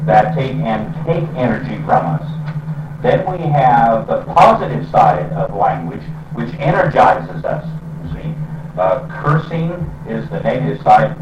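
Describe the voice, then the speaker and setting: A man giving a reflective spiritual talk in an unhurried way, with pauses and fillers. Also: fairly low pitch, background noise. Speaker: spiritual teacher. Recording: roomy, distant and dull lo-fi sound with faint ambience.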